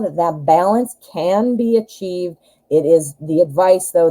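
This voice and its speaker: A woman's voice: sits low, warm tone, rough recording. A woman giving a casual pick-a-card tarot reading, chatting and advising the viewer directly with frequent fillers. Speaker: tarot reader.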